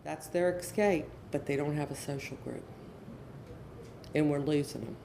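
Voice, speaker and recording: Middle-aged lady speaker at a conference, fairly low voice, earnest, keeps repeating the big points, little bit of hiss behind. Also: moderate pace, gravelly, dark tone. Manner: earnest and emphatic, repeats key phrases. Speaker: conference speaker, educational counselor. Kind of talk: conference presentation to an audience. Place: conference session room.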